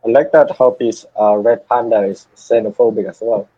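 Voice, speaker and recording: A man's voice: fairly low pitch, steady tone, normal speed, dry recording, muffled recording. A man playing in an online tabletop game, teasing and playful on a voice call. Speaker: player. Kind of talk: casual chat on a voice call.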